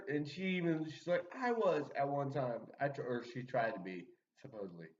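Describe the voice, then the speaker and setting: Brisk and barely pausing, the young man's medium-pitched voice has lively intonation and a slightly mellow quality. As a podcast guest in casual chat, he tells a rambling story packed with fillers and laughs. The sound is muffled because he sits distant from the mic.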